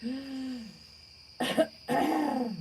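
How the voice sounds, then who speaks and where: Speaking extremely slowly in a high voice, a woman in her fifties from West Virginia hosts a livestream and responds to viewer comments. Her style is blunt, folksy and outspoken. Background noise is present.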